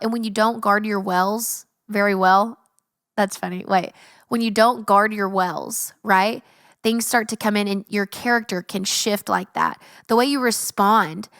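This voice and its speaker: A woman's voice: mid-range voice, no room sound. Earnest young woman, close dry podcast voice. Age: young adult. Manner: earnest, animated, filler-heavy, acts out her own thoughts in quotes. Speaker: podcast host. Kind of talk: faith-based personal podcast talk.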